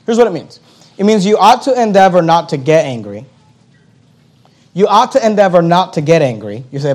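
A man preaching a sermon as a pastor, emphatic and repetitive, with rhetorical questions and slow, deliberate scripture reading. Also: high-pitched, sing-song, darkish tone. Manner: reads scripture slowly and deliberately.

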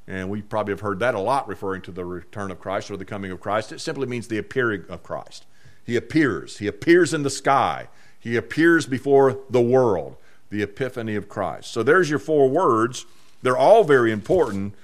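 Animated male preacher, lively pitch. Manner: animated preaching, stretching key words slowly for emphasis. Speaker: pastor. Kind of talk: sermon. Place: church.

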